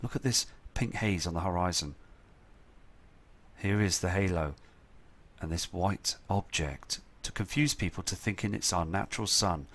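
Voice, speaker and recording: Male host with a somewhat low voice, urgent and earnest, talking over viewer photos. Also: moderate pace, a bit bright. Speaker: channel host.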